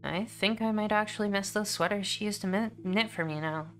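A woman's voice: medium pitch, fairly quick, fairly bright tone, faint music behind. A woman streamer talking through a game in a chatty, candid way. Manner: chatty, candid, laughs easily. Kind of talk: casual let's-play commentary.

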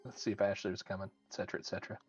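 A man runs a tabletop game as game master, his narration halting and full of restarts. His voice sits at a middle pitch. The recording is a bit muffled, with faint music under it. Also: level tone, breathy edge, no room sound. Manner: halting, many fillers and restarts.

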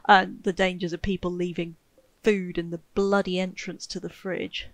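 A woman giving casual, wry commentary over her own gameplay, chatty and self-mocking, with sudden excited yelps. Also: fairly low pitch, moderate pace, no echo, low-quality recording. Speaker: game streamer commentating.

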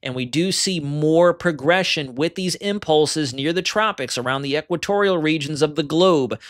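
A man's voice: a little high, normal speed, no room sound, studio quality. A man hosting an online weather briefing, walking viewers through model charts in a conversational way. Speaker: weather forecaster.

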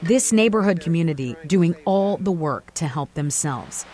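Lower-voiced woman news reporter. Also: animated, normal speed, mellow, slight background noise. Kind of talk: scripted news narration.

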